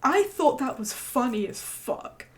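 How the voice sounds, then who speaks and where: A young woman streamer telling a story in casual chat, animated and swearing freely as she acts out what people said. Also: sits high, a little slow.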